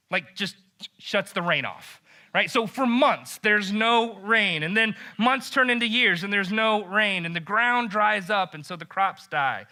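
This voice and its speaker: A male pastor with a fairly high, very bright and sharp voice retells a scripture story as though chatting casually. He's animated and joking, dropping "like" in constantly.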